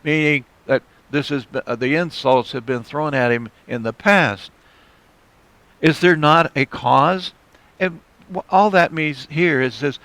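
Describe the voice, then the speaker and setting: A man's voice: fairly high pitch, measured pace, fairly bright tone, no room sound. Male Bible teacher explaining verses. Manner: explanatory, conversational, restates verses in plain words.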